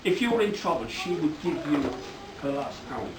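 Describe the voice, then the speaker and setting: A man's voice: on the high side, very animated, normal speed. Jokey father of the bride, echoey hall. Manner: jokey, rambling anecdotes, loud bursts of praise. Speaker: father of the bride giving a wedding speech. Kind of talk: wedding speech. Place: wedding reception hall. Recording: echoey hall, from far off, loud background noise.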